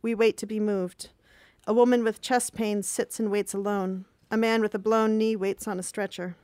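A woman in her thirties reading her own diary entries aloud in a calm, measured, reflective way. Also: medium pitch, dry recording. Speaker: reader of her own journal.

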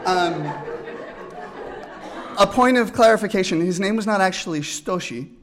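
A man's voice: sits high, expressive, fairly quick, a crowd in the background. A middle-aged man telling a personal story in a conversational way, with fillers and amused asides.

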